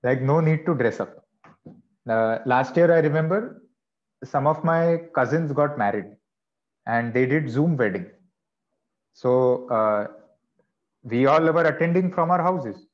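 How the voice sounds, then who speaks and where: A man's voice: medium pitch, lively intonation, unhurried, long pauses, lo-fi sound. A man teaching vocabulary in an online class, explaining patiently with chatty asides. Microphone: video call.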